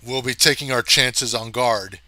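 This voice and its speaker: A man voicing a burly, brash male space ranger who talks loud and gruff. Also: medium pitch, unhurried, dry recording. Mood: gruff bluster.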